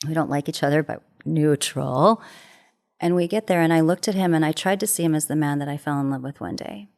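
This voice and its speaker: A middle-aged woman, a matchmaker and relationship expert, telling a heartfelt story in a gentle, earnest way and repeating phrases for emphasis. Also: low-pitched, fairly quick, creaky.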